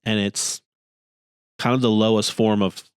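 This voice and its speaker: A man from New Jersey co-hosts a church podcast in easy, casual chat. His voice sits low, and he talks with a sarcastic, joking edge. The sound is dry and close to the mic. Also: level tone, measured pace, smooth, dry recording.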